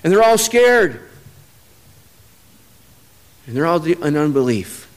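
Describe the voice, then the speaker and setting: A man with a high voice preaching a sermon. He tells stories from his own life, dropping low and quiet, then building to loud, emphatic peaks. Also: sing-song, slow.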